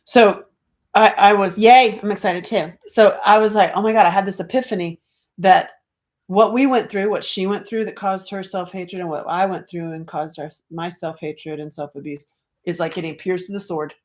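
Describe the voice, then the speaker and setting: A middle-aged woman from North Carolina talks on a livestream in a lowish voice. She is chatty and animated, slipping into other people's voices as she tells a story. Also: normal speed. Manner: chatty and animated, acts out quoted voices, asides to viewers. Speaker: author and speaker. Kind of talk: casual livestream talk.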